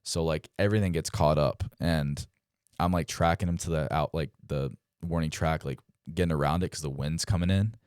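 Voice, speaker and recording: Brief: man in his twenties, from Delaware, interview guest, rich smooth low voice, laid-back storyteller. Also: brisk, no echo, clean studio sound. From Delaware, United States. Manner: relaxed, heavy use of "like" and "um", acts out quotes. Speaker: guest, professional baseball player.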